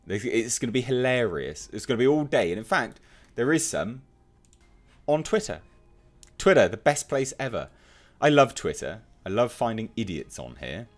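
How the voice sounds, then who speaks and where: A man's voice: mid-range voice, sing-song, moderate pace. A man giving opinionated commentary, reading out online comments and mocking them with emphatic scorn. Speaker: commentary youtuber.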